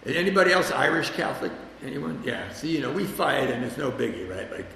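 A man's voice: mid-range voice, big pitch swings, fairly quick, vocal fry, pushed and bright, slight background noise. A man speaking at a recovery meeting, telling his own story candidly and with self-deprecating asides to the group. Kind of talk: personal recovery share to a live group. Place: meeting room with a group present. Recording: echoey hall with long reverb.

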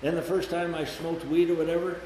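A man in his twenties sharing his recovery story with a group, swearing freely and acting out voices with big jumps in pitch. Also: little pitch movement, brisk, dark tone. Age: 20s. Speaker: recovery meeting speaker. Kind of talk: personal recovery share to a group. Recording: very echoey hall with long reverb, faint background noise.

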